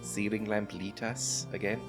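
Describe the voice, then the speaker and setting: A man's voice: on the low side, level tone, unhurried. A man chatting casually over a game, rambling and laughing often at his own asides, with music playing behind him. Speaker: gameplay video creator. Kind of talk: casual gameplay commentary. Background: background music.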